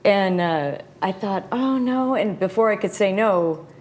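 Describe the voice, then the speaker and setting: A woman telling a lively story in casual chat, acting out what people said with bursts of laughter. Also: medium pitch, unhurried. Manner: animated, acts out quotes with laughs.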